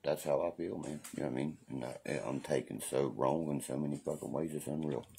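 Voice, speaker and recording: A man's voice: a bass voice, steady tone, fairly quick, creaky, mellow, a little hiss or hum. A man hosting a casual livestream rant, profane, defiant and preachy, who keeps asking "you know what I mean". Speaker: livestream host.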